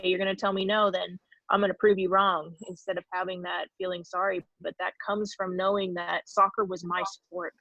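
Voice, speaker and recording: A woman's voice: lowish voice, a bit bright, no echo. Woman from California, dull dry sound. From California, USA. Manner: reflective, frequent ums. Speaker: guest former pro soccer player. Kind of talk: answering questions, storytelling.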